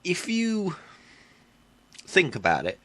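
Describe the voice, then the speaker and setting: A man's voice: high voice, huge pitch swings, a bit bright. A man ranting in a tech vlog, blunt and exasperated, swearing casually and correcting himself as he goes. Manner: halting with fillers and self-corrections. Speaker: vlogger.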